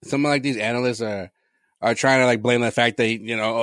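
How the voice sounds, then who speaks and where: A man co-hosting a podcast, talking basketball in an animated, profane way. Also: mid-range voice, fairly quick, dry recording, studio quality. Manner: animated, profane, laughs often. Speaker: podcast co-host. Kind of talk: casual sports chat.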